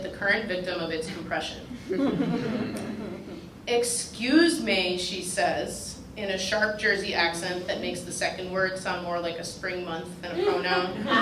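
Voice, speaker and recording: A woman reads her personal essay at a literary event, keeping a dry, wry tone as the audience laughs along. Her voice sits at a middle pitch. It is heard from some distance in a roomy hall with steady background noise. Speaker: fellow reading her own essay. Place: reading at a writers' retreat with a live audience.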